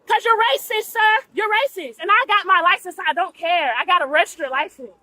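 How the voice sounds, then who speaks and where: A woman's voice: extremely high pitch, fairly quick, pushed and bright, dry recording. An agitated woman arguing insistently during a roadside arrest, repeating herself, recorded outdoors on a police body camera. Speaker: driver being arrested. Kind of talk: heated roadside argument.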